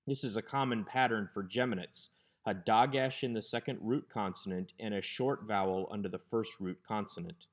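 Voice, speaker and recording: Male lecturer, slightly low voice, patient slide-lesson narration that slows on key terms. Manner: patient, explanatory, spells out terms slowly. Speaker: Hebrew teacher. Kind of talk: recorded grammar lecture.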